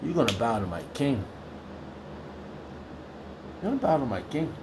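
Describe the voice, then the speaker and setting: A man reading and preaching from the Bible at home in an informal way. He rambles and repeats himself, swings between loud exclamations and low muttering, and talks in a crude, heated way. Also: sing-song, normal speed, a little hiss or hum. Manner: repeats phrases, restarts often.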